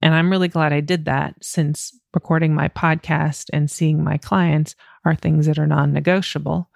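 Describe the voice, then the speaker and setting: A woman's voice: sits low, level tone, normal speed, vocal fry, no echo, studio quality. A middle-aged woman hosting a solo coaching podcast, candid and self-deprecating, laughing often as she talks. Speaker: podcast host.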